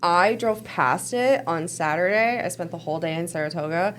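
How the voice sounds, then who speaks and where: A woman's voice: fairly low pitch, normal speed, slight background noise. A woman co-hosting a casual news chat show, chatty with laughing asides. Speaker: co-host.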